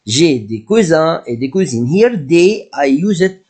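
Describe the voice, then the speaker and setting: A man teaching beginner French, whose first language is Arabic. He explains in English and repeats each French word slowly. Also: fairly high pitch, very animated, darkish tone, husky. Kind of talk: slow classroom language lesson.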